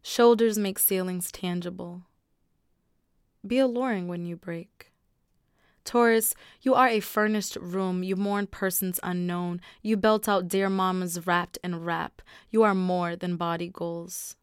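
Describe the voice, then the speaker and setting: A woman's voice: fairly low pitch, fairly even intonation, a little slow, clean tone, dry recording, studio quality. A woman poet reading her own poems aloud, with casual, conversational asides between the recited pieces. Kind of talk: poetry reading with spoken commentary.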